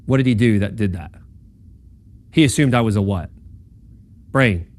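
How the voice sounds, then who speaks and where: A man's voice: lowish voice, moderate pace, a little mellow. A man giving an informal lecture at a campus talk, checking in with the room and acting out quoted speakers. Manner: conversational, checks in with "right?" and "okay?"; acts out quoted voices in dialogue.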